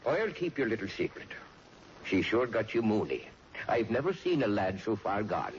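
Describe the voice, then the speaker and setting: An actor playing a good-natured, teasing married police officer, in a 1940s radio sitcom. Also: male voice, lowish voice, sing-song, moderate pace. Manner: jovial, teasing, fatherly. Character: good-natured married beat cop, middle-aged man. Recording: dull hissy old radio recording.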